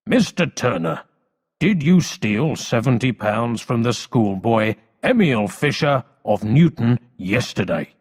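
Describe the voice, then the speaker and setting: A stern, commanding police chief from a storybook, played by a male narrator close to his own voice. He questions people slowly and firmly, and the voice carries a long hall reverb. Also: mid-range voice, animated.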